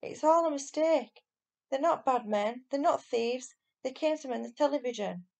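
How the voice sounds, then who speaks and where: A woman's voice: on the high side, normal speed, vocal fry, a little mellow, lo-fi sound. A woman reading aloud and voicing a brave young boy who speaks urgently and pleads. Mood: urgent pleading.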